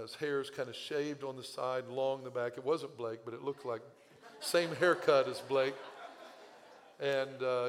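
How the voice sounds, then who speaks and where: A man preaching a sermon as pastor, telling a story with animated asides, his voice a little strained after losing it. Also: mid-range voice. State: recovering voice, slightly strained. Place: church sanctuary. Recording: long church hall reverb.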